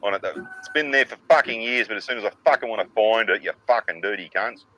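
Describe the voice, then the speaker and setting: A man's voice: fairly low pitch, quick pace, slight background noise, poor audio. A man, co-hosting a casual chat show, telling stories full of swearing. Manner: sweary, animated storyteller. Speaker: podcast co-host.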